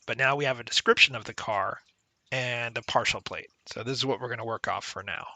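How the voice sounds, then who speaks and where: A man talks through an old adventure game in a relaxed, chatty way, stopping to explain how things work. His voice is very bright and forward. The recording is dry and close, with almost no room sound. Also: mid-range voice, brisk, no echo. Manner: conversational, explains game mechanics with occasional laughs. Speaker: let's play commentator. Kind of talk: casual gameplay commentary.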